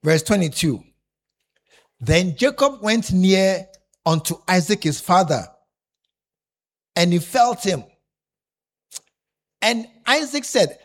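Speaking slowly with long pauses, a man with a high voice delivers an animated sermon. He keeps repeating himself and urges listeners to turn to their neighbors and tap them.

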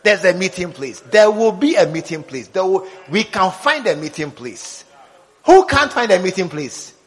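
A preacher with a bright, high voice that leaps up and down as he acts out scenes for his congregation. His sermon rings through a hall with a long reverb tail. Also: big pitch swings, normal speed. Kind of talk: lively sermon.

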